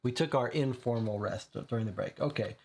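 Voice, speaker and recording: A gamebook player reads aloud to his viewers and talks through each choice he makes. His mid-range voice is gravelly and husky, a little mellow, and fairly quick.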